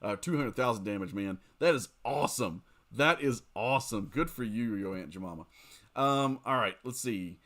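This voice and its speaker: A tired young man chatting casually while streaming a game late at night, rambling, giggling and reacting loudly to the game. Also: medium pitch, animated, normal speed.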